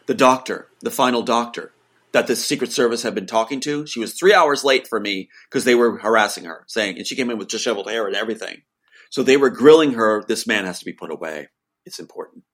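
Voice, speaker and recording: A man's voice: mid-range voice, a little fast, fairly bright tone. A man, the guest, telling an emotional personal account in an insistent voice that rises to pleading outbursts.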